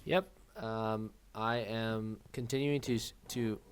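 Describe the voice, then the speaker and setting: A tired man co-hosting a film podcast, talking quietly and casually. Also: lowish voice, steady tone, slow, clean tone. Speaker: podcast co-host. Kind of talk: casual chat.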